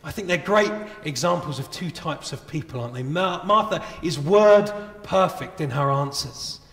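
A male pastor preaches an earnest, conversational sermon in a somewhat high voice. He often turns statements into rhetorical questions for his listeners. The recording has a long, ringing church reverb. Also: moderate pace, fairly bright tone.

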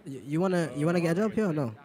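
A man's voice: on the high side, expressive, racing, a little mellow, lightly acted. A man playing a slangy youth. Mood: irritated. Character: impatient young man, street slang, restless. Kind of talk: game role-play.

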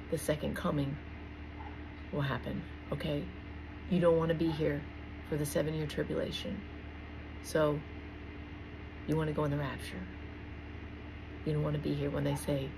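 A woman's voice: low-pitched, noisy background. A woman preaching informally to her online viewers in an earnest, emphatic way, often calling them "guys".

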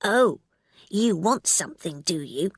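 A woman voicing a grumpy male sand-fairy creature in a storybook reading, gruff and irritable. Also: on the low side, animated, a little slow, dry recording, studio quality, full character voice.

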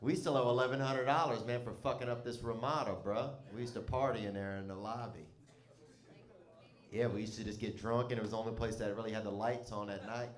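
A man's voice: medium pitch, fairly even intonation, a little fast, reverberant. A man telling a comic story in a loose, rambling, profane way, often breaking into laughter. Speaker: comedian.

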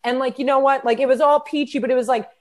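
A woman's voice: high-pitched, fast. Heated, swearing woman telling a story. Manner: profane, heated and animated storyteller. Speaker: podcast guest. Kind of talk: casual storytelling chat. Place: New York.

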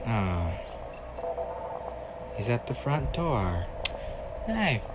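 Guy playing a game and making dry sarcastic jokes, slow but lively delivery, noisy background. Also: mid-range voice. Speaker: gamer. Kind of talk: casual gaming commentary.

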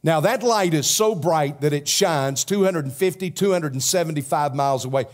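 A man with a Southern accent preaching a sermon as pastor, swinging from loud emphasis to a hushed prayer. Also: on the high side, normal speed. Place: church sanctuary.

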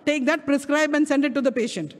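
High-voiced middle-aged Indian English woman, sermon, drawn-out emphasis, long hall reverb. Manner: impassioned, stretches key words slowly. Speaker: guest speaker. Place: church prayer hall.

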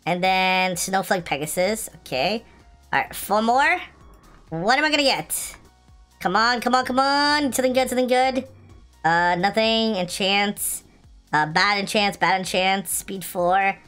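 A woman's voice: medium pitch, measured pace, clear, resonant tone. A young adult woman giving casual gameplay commentary, pleading for good loot, complaining and then cheering. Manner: excitable, pleading, complains then shouts with joy. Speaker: gaming video host. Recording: light music in the background.

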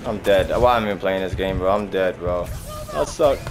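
A man's voice: low voice, brisk, music in the background. Exasperated young man playing a game. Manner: frustrated, exclamatory, swearing. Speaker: gaming streamer. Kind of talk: casual gameplay commentary.

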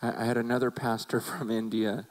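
A man's voice: medium pitch, level tone, brisk, rough recording. A man preaching a sermon as a pastor, talking earnestly and conversationally and often repeating words as he restarts.

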